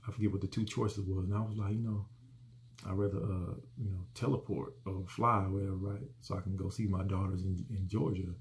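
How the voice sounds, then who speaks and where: Middle-aged man, gravelly fry in the voice, earnest rambling host. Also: low-pitched, flat delivery, a little fast. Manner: rambling, earnest, repeats words. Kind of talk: casual personal reflection.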